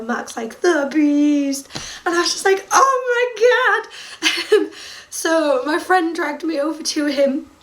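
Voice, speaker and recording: A young woman with a high voice recounts her story straight to camera. She gushes and talks in quick bursts, often slipping into laughter and squeals. Her telling has the feel of a casual vlog. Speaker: vlogger.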